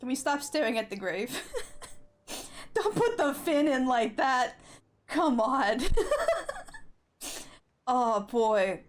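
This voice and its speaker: Streaming a video game over game music, a young adult woman cries, laughs and swears through her live commentary. She speaks slowly in a high, expressive voice, leaving long pauses.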